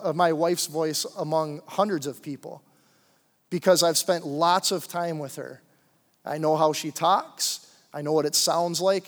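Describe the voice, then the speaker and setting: A young adult man preaching a sermon to a church congregation in a loose, conversational way, with plenty of fillers and asides. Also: on the high side. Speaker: pastor. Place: church sanctuary. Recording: long hall reverb.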